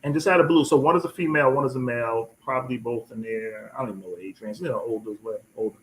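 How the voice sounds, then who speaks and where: A man's voice: medium pitch, racing, a little hiss or hum, low-quality recording. Rambling man telling a story on a live chat. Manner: rambling, repeats words, animated when quoting. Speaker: host.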